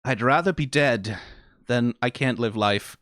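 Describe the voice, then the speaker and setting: A channel host giving excitable, profane, rambling reaction commentary on an animated episode. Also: medium pitch, unhurried, no echo, clean studio sound. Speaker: video reactor.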